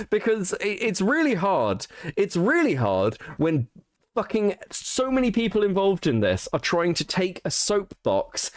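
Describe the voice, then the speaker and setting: A man with a high voice hosts a casual commentary stream, recorded with no room sound. He gets heated, swearing and restarting his sentences often as he works himself up.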